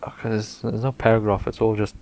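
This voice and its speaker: A man co-hosting a casual podcast, reading book passages aloud slowly and dramatically between chat. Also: fairly low pitch, flat delivery, a little mellow. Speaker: podcast co-host.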